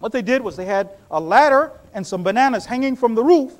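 A man preaching a sermon, telling stories with animated swings between loud bursts and low hushed asides. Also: brisk.

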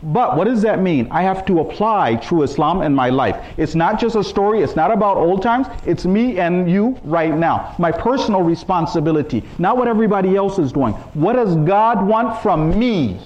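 A man preaching a sermon to a congregation, emphatic, reciting scripture in Arabic and climbing to high exclaiming peaks. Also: lively intonation, moderate pace, hardly any pauses, a little mellow, highs cut off. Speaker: speaker at a religious gathering.

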